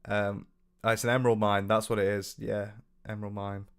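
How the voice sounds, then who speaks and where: A young man talks on a live stream from his room. His voice sits a little low and comes out hoarse from a sore throat. He rambles loosely, swears freely, and fills his pauses with ums while he reads out viewer comments. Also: level tone. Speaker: livestreamer. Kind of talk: casual live stream chat, reading viewer comments aloud.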